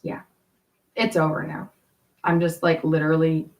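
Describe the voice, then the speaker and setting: A woman from Appalachian Kentucky speaks in a low, monotone, slightly mellow voice at normal speed. In a courtroom, she tells rambling stories packed with profanity and self-interruptions. The recording sounds roomy and distant.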